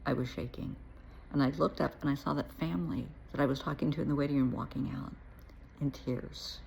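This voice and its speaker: A woman's voice: extremely low pitch, steady tone, brisk, creaky, a little mellow, slight background noise. A woman who works as a therapist, telling her own story in a frank, blunt way with dry asides. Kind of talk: personal storytelling to camera.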